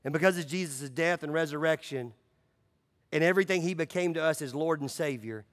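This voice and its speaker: A man preaching a sermon as pastor, talking casually with fillers and swinging between loud, emphatic runs and hushed, low drops. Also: a little fast, big-room sound.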